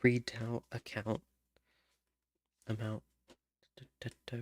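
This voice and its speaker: A man writing song lyrics alone, muttering to himself, humming melodies and trying out rhymes, halting as he thinks. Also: mid-range voice, completely flat delivery. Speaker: songwriter.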